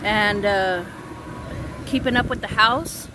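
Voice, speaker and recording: A woman in her thirties venting on a casual vlog, rambling and halting, swearing often. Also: mid-range voice, background noise. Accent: Southern US. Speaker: vlogger.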